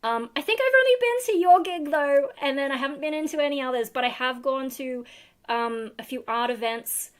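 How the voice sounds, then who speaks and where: A woman's voice: high voice, lively intonation, normal speed. A woman from Australia with an Australian accent, chatting casually on a livestream with lots of fillers and giggles. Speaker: livestream host. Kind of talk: casual live chat answering viewers. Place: home room.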